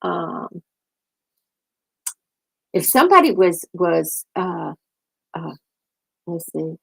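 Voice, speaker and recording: An older woman talks casually as a show host, spinning stories about her family in a chatty, unhurried way. She laughs often and slips into the voices of her kids, husband and mother as she retells what they said. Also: on the low side, sing-song, gravelly, breathy edge, low-quality recording. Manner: chatty storytelling, laughs often, acts out family members' lines. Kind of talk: casual chat.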